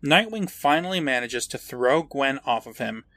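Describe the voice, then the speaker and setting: A man recaps the story in a loose, chatty way, his pitch bouncing up and down as he narrates. He laughs often and swears without a second thought. The sound is close and dry, with no room around it. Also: lively intonation, normal speed, a bit bright, no echo. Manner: laughs while narrating, swears casually, acts out quotes. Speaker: podcast co-host. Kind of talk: casual episode recap.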